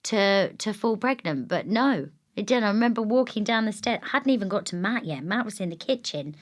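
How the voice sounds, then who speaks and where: A woman, a lively guest chatting in an interview, acting out quotes and laughing often. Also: mid-range voice, brisk. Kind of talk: casual interview chat.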